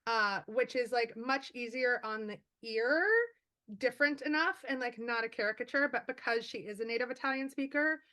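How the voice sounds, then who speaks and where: Author guest, female, lively anecdote-teller, bright tone, on a call. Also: fairly high pitch. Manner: fast, animated storytelling with many fillers. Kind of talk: casual chat.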